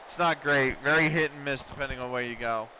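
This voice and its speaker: Brisk and forceful, this mid-range male voice carries a bright tone over slight background noise. Based in the US, he streams a football management game live, mixing loose chatter with calls of the on-screen action, all in dull lo-fi sound.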